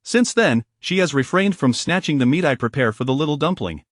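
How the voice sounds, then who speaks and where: Resolute young wife, read by a man, steady, reassuring, slightly high, dry close sound. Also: brisk, no room sound. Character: young married woman, resolute and clever.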